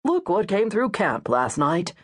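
A man's voice: sits high, big pitch swings, a little slow, exaggerated voice. A woman reading an audiobook, voicing a smug, know-it-all London novelist who speaks with cutting confidence. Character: smug middle-aged London novelist, alpha male.

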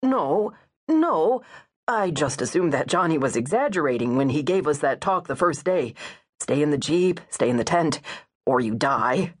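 A man's voice: lively intonation, moderate pace. A woman reading an audiobook, voicing an anxious, fussy American man on safari who talks nervously. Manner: nervous, high-strung.

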